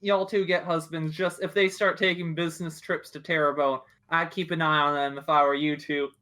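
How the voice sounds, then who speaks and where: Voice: mid-range voice, flat delivery, normal speed, bright, forceful tone, lightly acted. A player voicing a brash, hard-drinking young woman adventurer, with a blunt US Southern drawl. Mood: needling.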